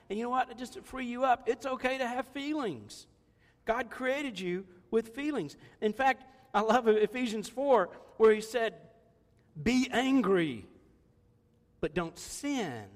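Older male pastor, high voice, chatty and jokey delivery, echoing church hall. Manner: conversational, jokey, laughs often. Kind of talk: sermon.

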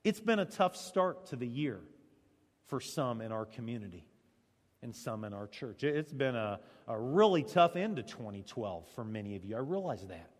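Animated preaching man in a reverberant church. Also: mid-range voice. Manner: animated preaching, swinging between loud and hushed. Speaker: pastor. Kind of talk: sermon.

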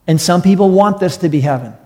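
A man's voice: high-pitched, fast talker, dark tone, long reverb tail. A male pastor preaching a sermon in a conversational way, often repeating words and asking the congregation rhetorical questions.

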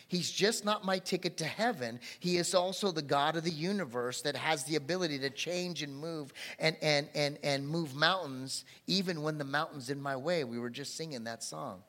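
Preaching man in a reverberant church hall. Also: fairly high pitch. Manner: preaching with sudden loud animated bursts. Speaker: pastor. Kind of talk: sermon. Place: church sanctuary.

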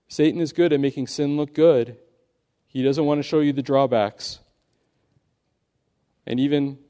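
A man's voice: mid-range voice, mellow. A man preaching an earnest sermon, telling a story and pressing his points with rising emphasis. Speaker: pastor.

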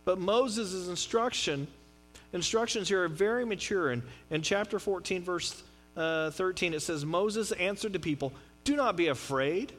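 A middle-aged man preaching a sermon in a conversational, joking way, with swings from loud to quiet. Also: sits high, moderate pace, faint music behind. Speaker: pastor.

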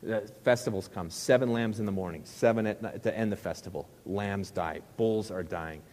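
A man's voice: lowish voice, normal speed, a little mellow, big-room sound. A middle-aged male pastor preaching a sermon in a conversational, joking way, with rhetorical questions to the crowd.

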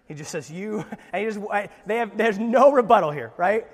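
A man preaching a sermon as pastor, retelling scripture in a casual, animated way with lively asides. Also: high voice, moderate pace, long reverb tail.

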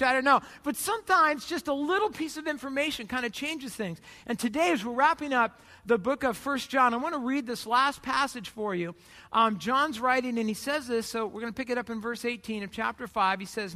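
A man's voice: very high voice, fairly quick, bright, forceful tone. A man preaching a sermon as pastor, telling chatty, self-deprecating stories with frequent restarts. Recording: long reverb of a hall.

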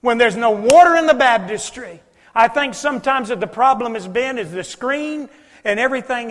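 A man's voice: very high-pitched, animated, normal speed, slight background noise. Preaching man in a reverberant church. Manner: swings from loud preaching to hushed near-whispers. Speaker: pastor. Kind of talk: sermon. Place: church sanctuary.

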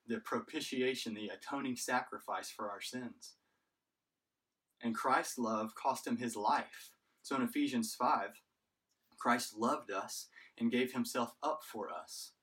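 A man preaching a sermon as pastor, in a measured way that often repeats words as he goes. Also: medium pitch, a bit bright, slightly rough, distant mic, rough recording. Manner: measured preaching with frequent word repetitions.

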